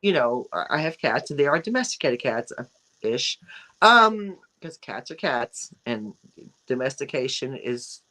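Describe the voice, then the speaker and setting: A woman co-hosting a casual chat show, talking in an animated, rambling way with frequent restarts. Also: a bass voice, measured pace, low-quality recording. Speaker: co-host.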